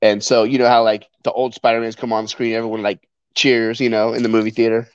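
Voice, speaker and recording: A man's voice: mid-range voice, little pitch movement, quick pace, smooth, no room sound. Man, casual chat, at home, teasing, laid-back, dull lo-fi mic, dry.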